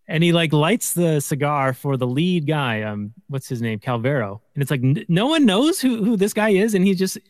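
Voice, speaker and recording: A man's voice: fairly high pitch, sing-song, moderate pace, dry recording, big-room sound. A man co-hosting a podcast in casual chat, rambling through movie scenes with lots of fillers. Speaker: podcast co-host.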